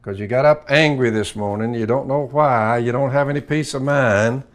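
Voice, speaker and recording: A man's voice: medium pitch, moderate pace. An older man with a Southern US accent giving a folksy sermon, drawling and acting out both sides of an imagined talk. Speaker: preacher.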